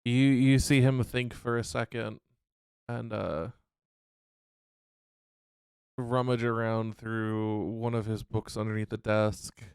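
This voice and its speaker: A man's voice: fairly low pitch, level tone, unhurried, a little mellow, clear, resonant tone, no room sound, clean studio sound. A man narrating a tabletop role-playing game as game master, describing scenes in a hesitant, descriptive way with frequent restarts.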